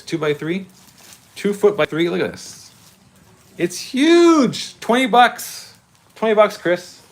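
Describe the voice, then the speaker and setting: Excitable man with a lively voice. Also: fairly high pitch. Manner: chatty and excitable, greets viewers by name, laughs often. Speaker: livestream host of a model railway channel. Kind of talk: casual live-stream chat with viewers.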